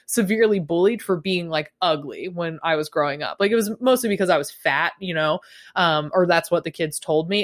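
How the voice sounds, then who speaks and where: Low, young adult woman host; chatty, rambling, filler-heavy delivery. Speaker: podcast host. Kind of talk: casual confessional chat.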